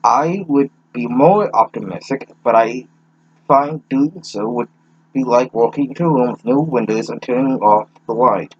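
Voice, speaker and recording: A man's voice: mid-range voice, moderate pace, slightly rough, dry recording, highs cut off. A young man reading a fanfic aloud with sarcastic, profane asides, stumbling over words. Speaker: reader mocking a fanfic.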